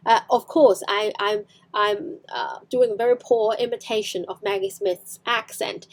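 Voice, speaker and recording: A woman's voice: medium pitch, steady tone, measured pace, few pauses. A woman with a Hong Kong accent teaching English online, explaining film scenes with frequent fillers and self-corrections.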